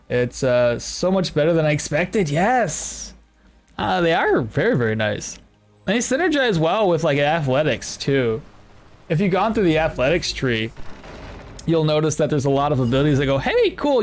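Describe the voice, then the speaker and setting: A young man casually commenting on his game for a live stream, reading chat aloud and rambling about builds. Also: a little high.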